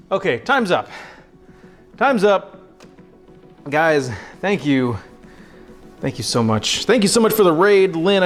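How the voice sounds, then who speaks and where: A man hosting a cooking livestream, chatting casually and joking with his audience while he works. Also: on the high side. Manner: joking, rambling, self-deprecating banter with chat. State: out of breath from sawing. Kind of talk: casual live-stream chat while cooking. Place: home kitchen.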